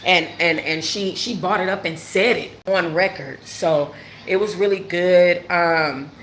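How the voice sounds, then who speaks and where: A woman's voice: lowish voice, measured pace, slight background noise. A woman hosting her own channel, telling a personal story in casual chat with lots of slang and fillers, close to tears. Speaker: host of a talk channel. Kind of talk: casual livestream chat with viewers.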